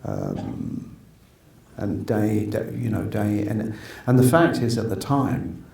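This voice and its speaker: A man's voice: on the low side, huge pitch swings, slow, vocal fry, a little mellow. A man in his fifties telling stories in a casual interview, rambling with many restarts and acting out what others said. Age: 50s. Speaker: actor being interviewed. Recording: roomy echo, distant mic, faint noise.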